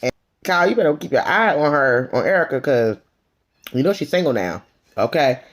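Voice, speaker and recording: A woman's voice: low-pitched, brisk. A woman recaps a reality TV episode in a loose, chatty vlog voice. She is sassy and opinionated, and she calls the cast out directly. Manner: sassy, opinionated gossip commentary; animated, calls out people directly. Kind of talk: casual episode review.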